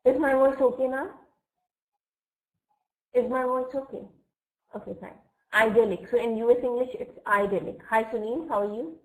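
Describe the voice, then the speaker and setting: A woman teaching English vocabulary in a live online class. She explains each word slowly and patiently and often checks with "okay?". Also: high voice, fairly even intonation, a little mellow, rough recording.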